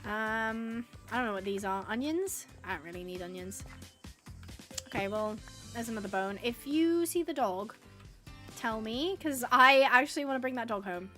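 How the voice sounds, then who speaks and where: Excitable high-voiced woman streamer. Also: normal speed, soft background music. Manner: chatty, excitable, talks to game animals. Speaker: gaming streamer. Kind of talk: live gameplay commentary.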